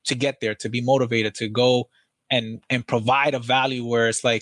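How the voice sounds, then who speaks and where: A man talking as a podcast guest about training salespeople, energetic and blunt, swearing casually in relaxed chat. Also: medium pitch, moderate pace, no echo.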